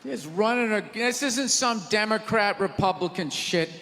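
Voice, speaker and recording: A man doing a stand-up set on a theater stage, ranting in a loud, exasperated way into a handheld mic. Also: sits high, moderate pace. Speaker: stand-up comedian. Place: theater stage before a live audience. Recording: live theater recording with audience noise and reverb.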